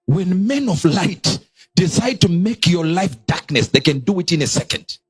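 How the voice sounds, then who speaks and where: A male preacher delivering a sermon in an animated way, leaping to high exclamations and dropping low again, with a husky voice. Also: moderate pace, no room sound, soft background music.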